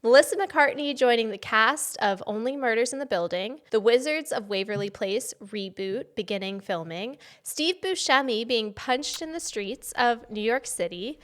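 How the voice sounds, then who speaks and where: A woman's voice: on the high side, animated, moderate pace, hardly any pauses, a bit bright. A young woman co-hosting a podcast, reading pop culture headlines and joking in a casual chat. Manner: playful, jokey, reads headlines in a mock news-anchor voice. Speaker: podcast co-host.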